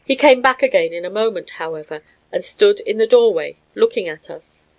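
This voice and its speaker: A woman reading a story aloud as an audiobook narrator, measured and even. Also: medium pitch, poor audio. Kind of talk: scripted narration.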